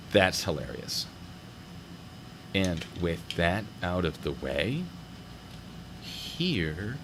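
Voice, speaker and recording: A man's voice: on the low side, background noise. Rambly jokey guy reviewing clips, voice swings up and down a lot. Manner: rambling, jokey, wanders off into tangents. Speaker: host reviewing traffic stop videos. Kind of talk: casual video commentary.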